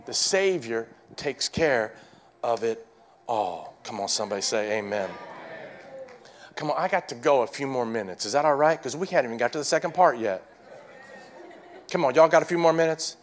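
A man preaching a sermon, urging the congregation to respond, repeating phrases and swinging from shouts to hushed lines. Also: medium pitch, fairly quick, pauses often. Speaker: pastor.

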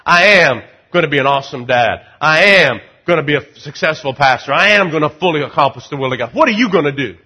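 A middle-aged male pastor preaching a sermon, animated, moving between quiet conversational asides and loud, rising declarations. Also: fairly high pitch, fast talker, few pauses, breathy edge.

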